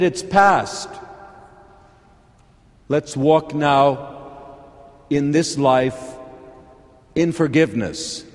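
An older priest from California gives a homily in a church at a university, talking slowly and conversationally with touches of dry humor. His somewhat raised voice carries a long reverb from the large space. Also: fairly high pitch, a little mellow. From California, USA.

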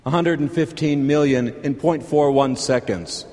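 An older man from California, a priest delivering a homily in an unhurried, conversational way with dry humor. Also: fairly high pitch, a little mellow. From California, USA. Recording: long reverb of a large church.

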